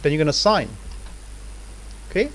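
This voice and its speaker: A man gives a live software lesson, talking students through each click in a loose, conversational way. His voice sits a little high for a man, and he keeps tagging sentences with "right?" and "okay?". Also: sing-song, brisk, low-quality recording. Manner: casual, repeats "right?" and "okay?" as check-ins. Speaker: lecturer. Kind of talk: live software tutorial lecture.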